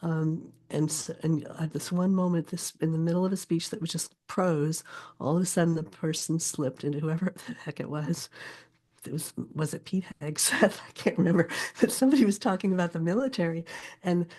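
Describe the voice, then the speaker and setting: Woman, older, low-pitched, warm mellow tone, thoughtful, searching for words, interview guest. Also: fairly even intonation, brisk. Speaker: poet and teacher, guest. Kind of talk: casual interview explanation.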